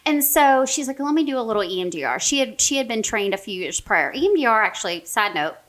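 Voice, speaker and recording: A woman in her forties, a therapist and podcast guest, telling a story in a lively, animated way, full of "like" and "right?". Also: fairly high pitch, fast. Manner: animated, many fillers like "right?" and "like". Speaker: mental health therapist, guest. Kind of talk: casual storytelling in a podcast interview.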